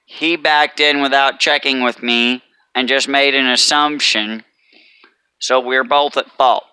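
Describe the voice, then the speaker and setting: A man voicing a male truck driver who calmly and plainly admits his part in a mistake. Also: mid-range voice, a little slow, clear, resonant tone, dry recording. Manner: plain, calm and owning up.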